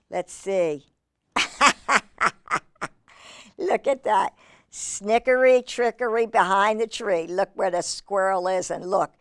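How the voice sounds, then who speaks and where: Animated woman reading to children. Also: lowish voice, vocal fry, no echo, clean studio sound. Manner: animated, exclamatory, chatty asides. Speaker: children's storyteller. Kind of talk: reading a picture book aloud to children.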